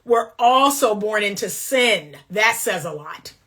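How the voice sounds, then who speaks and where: A woman's voice: medium pitch, animated, takes it slowly, pushed and bright, breathy edge. A woman relationship coach giving blunt, emphatic faith-based commentary in a casual talk.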